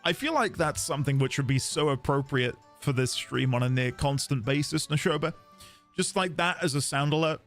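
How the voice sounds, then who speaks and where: A man's voice: fairly high pitch, normal speed, fairly bright tone, soft background music. A man chatting playfully on a game livestream, reading chat aloud and laughing often. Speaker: livestreaming gamer. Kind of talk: casual live-stream chat.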